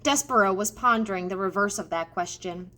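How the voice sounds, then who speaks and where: A woman narrating a children's storybook aloud in an expressive way. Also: mid-range voice, a little fast. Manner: expressive, addressing the reader. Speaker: audiobook reader.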